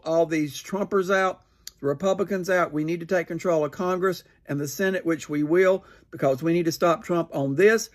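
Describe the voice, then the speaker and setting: A man commenting on political news in a sarcastic, mocking tone, firing rhetorical questions. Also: on the high side. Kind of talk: opinionated news reaction.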